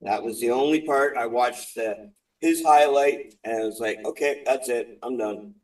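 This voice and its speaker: A man's voice: mid-range voice, moderate pace, recorded from a distance, poor audio. A man chatting casually with friends, reacting with short lines and swearing.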